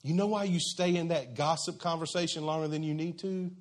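A man's voice: a little high, steady tone, a little fast. A man preaching a sermon in a conversational, emphatic, folksy way.

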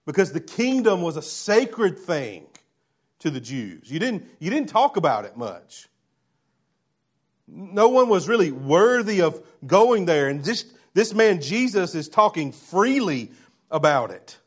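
A pastor preaching a sermon, swinging between loud emphatic lines and quiet low ones while asking the congregation rhetorical questions. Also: male voice, big pitch swings, unhurried, husky.

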